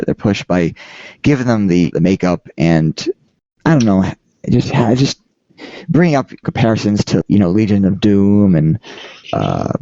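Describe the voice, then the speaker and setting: Halting man with a lively, mellow low voice. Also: no room sound, highs cut off. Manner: halting, rambling, frequent restarts. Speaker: podcast host. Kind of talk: casual chat.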